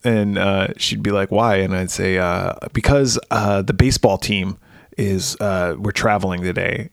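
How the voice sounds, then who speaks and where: A man's voice: sits low, fairly even intonation, measured pace, gravelly, dry recording, clean studio sound. A man co-hosting a podcast, casually recapping a film and acting out its characters in jokey voices. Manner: jokey, acts out film characters, laughs a lot. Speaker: podcast co-host. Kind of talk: casual chat.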